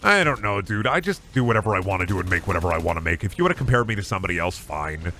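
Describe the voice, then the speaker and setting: Lively, rambling male game streamer. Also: deep voice, rapid-fire, a little hiss or hum. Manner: rambling, swears freely, lively reactions. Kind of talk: casual gaming commentary.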